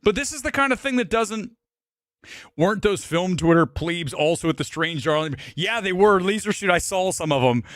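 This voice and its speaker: Brash, rambling man, rather high voice. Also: animated, a bit bright, no echo, studio quality. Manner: brash, rambling, swearing, quick laughs. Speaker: live-stream movie review host. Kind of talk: casual live-stream chat reading comments. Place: home studio near Los Angeles.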